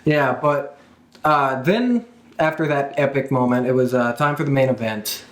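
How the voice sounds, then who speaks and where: A man's voice: medium pitch, normal speed. A man co-hosting a podcast, recapping events with enthusiasm in casual chat. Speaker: podcast co-host. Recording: echoey room.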